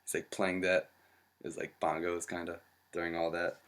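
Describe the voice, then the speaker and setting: A young man casually pitching a comedy sketch storyboard, rambling with lots of fillers and acting out the lines. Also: level tone, moderate pace, fairly bright tone.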